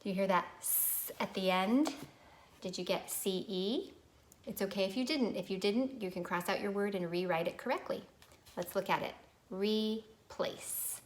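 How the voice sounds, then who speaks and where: A woman's voice: mid-range voice, normal speed, a little hiss or hum. A woman teaching a recorded phonics lesson to young children, patient and prompting them to repeat words.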